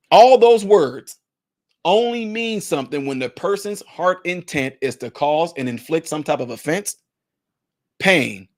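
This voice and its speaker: A man giving emphatic, preachy spoken commentary, repeating his points to hammer them home. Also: on the high side. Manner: acts out what others say in put-on voices. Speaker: commentary vlogger.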